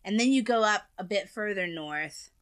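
A woman's voice: medium pitch, expressive, moderate pace, a bit bright, smooth, no room sound, studio quality. A young woman with a Texan accent, co-hosting a podcast in casual, rambling chat full of fillers and giggles. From American South. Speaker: podcast co-host.

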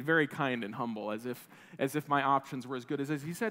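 A man in his thirties from Wisconsin, preaching a sermon as a pastor, telling a personal story in an animated, self-deprecating way with frequent restarts. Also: fairly high pitch, fast talker, hardly any pauses. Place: church sanctuary. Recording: long reverb of a church hall.

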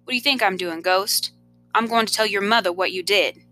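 A woman reading aloud, voicing a gruff middle-aged male coach who speaks flat and hard. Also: mid-range voice, a little fast, natural voice. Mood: stern.

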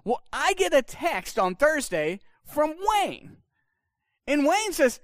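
A man in his thirties preaches in a chatty storytelling way, his voice high and very expressive. He acts out the dialogue he quotes. The recording is dry with no room sound. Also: slow, no echo. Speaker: pastor. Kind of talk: sermon with storytelling.

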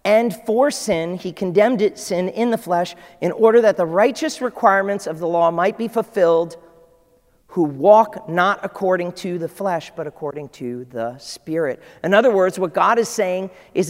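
A man preaching a sermon as pastor to a congregation, swinging from loud declarations to hushed asides. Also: sits high, moderate pace. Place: church room with a congregation. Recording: long reverb of a large hall.

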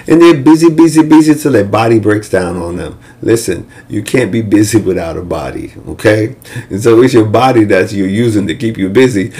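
A man's voice: mid-range voice, darkish tone. Male pastor, conversational preacher, mid-range voice, leans on repetition and rhetorical checks. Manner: uses rhetorical "right?" and "okay?" checks. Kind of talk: sermon.

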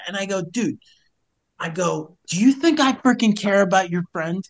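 A high-pitched American man speaks at a moderate pace as a guest on a casual podcast, where he's introduced as a hiker and rescuer. Telling a story, he animatedly acts out both sides of the dialogue with sudden raised-voice outbursts and some mild swearing.

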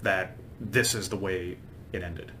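A man co-hosting a casual political chat podcast, earnest and halting, often repeating words as he restarts. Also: sits low, steady tone, bright, forceful tone, slight background noise. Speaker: podcast co-host.

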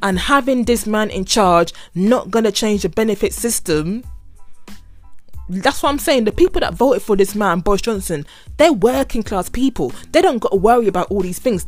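A woman's voice: medium pitch, animated, moderate pace, no echo, soft background music. A woman hosting a podcast, venting in a casual monologue with sarcastic, exasperated remarks and repeated phrases. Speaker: podcast host.

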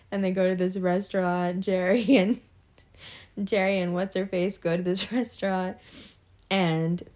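A woman's voice: mid-range voice, darkish tone. A young adult woman talking casually to camera, laughing often and acting out people's reactions. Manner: laughs often, acts out reactions, drawn-out delivery. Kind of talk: casual monologue.

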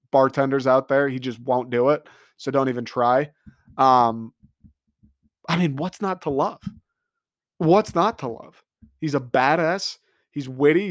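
Male comedic rant, excitable, profane, riffing, mid-pitched voice, dry close sound. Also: no room sound. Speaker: comedic commentator.

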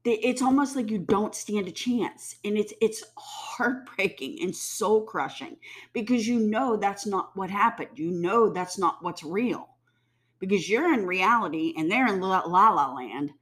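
A woman in a heated, profane rant. She speaks bluntly and mocks people with sarcastic mimicry. Her voice sits in a middle pitch. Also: expressive, unhurried, fairly bright tone. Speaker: commentator. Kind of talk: ranting commentary.

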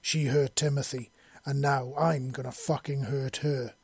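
A man voicing an enraged young woman who shouts and snarls threats in a fantasy audiobook. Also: medium pitch, little pitch movement, measured pace, breathy edge, no room sound. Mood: furious.

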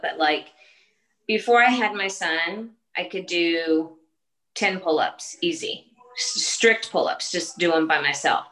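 A woman's voice: fairly low pitch, a bit bright, rough recording. A woman in her late forties, a fitness trainer, chatting earnestly in a casual podcast interview, speaking in short restarting phrases. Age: 40s.

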